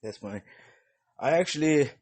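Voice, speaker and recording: A man's voice: fairly high pitch, lively intonation, normal speed, a loud crowd. A young man hosting a podcast, chatting in a loose, rambling way with plenty of cursing. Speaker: podcast host. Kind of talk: casual chat.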